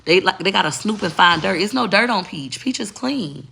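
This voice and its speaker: A woman's voice: mid-range voice, lively intonation, moderate pace, creaky, pushed and bright, slight background noise. A middle-aged woman vlogging in brash, emphatic casual talk, repeating her points.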